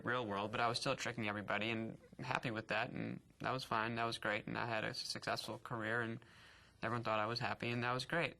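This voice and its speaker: Man in his 30s, bright voice, candid reflective testimony, occasional stutter blocks. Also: medium pitch. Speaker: actor telling his story. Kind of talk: personal interview testimony.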